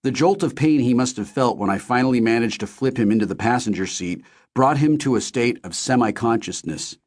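A man reading a first-person novel aloud in a steady, measured storytelling manner. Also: medium pitch. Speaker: audiobook narrator.

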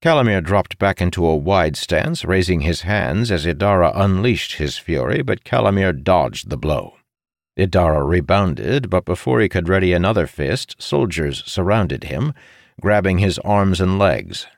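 A man narrating a fantasy story as an audiobook reader, in an expressive, dramatic way. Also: sits low, moderate pace, creaky, no echo, clean studio sound.

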